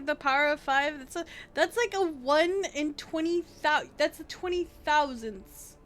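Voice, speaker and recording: A young woman streaming live, chatting casually and excitably to her chat, rambling and laughing at herself. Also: high-pitched, measured pace, soft background music. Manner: excitable, rambling, self-deprecating, laughs often. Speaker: VTuber streamer.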